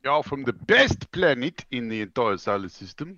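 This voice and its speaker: A man's voice: medium pitch, sing-song, normal speed, few pauses, music in the background. A man introducing his tabletop character in a joking, teasing way. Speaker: player. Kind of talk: casual chat at a game table. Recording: dull, dry sound.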